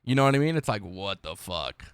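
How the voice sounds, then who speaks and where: A young man streaming, reacting casually to videos in a slangy, excitable, swearing way. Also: on the low side, brisk.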